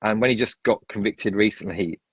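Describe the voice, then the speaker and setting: A man with a low, husky voice talks through his opinions in a rambling, restart-filled way. The sound is dry and close, with no room around it. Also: fairly quick, no echo, low-quality recording. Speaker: podcast guest. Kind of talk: casual chat.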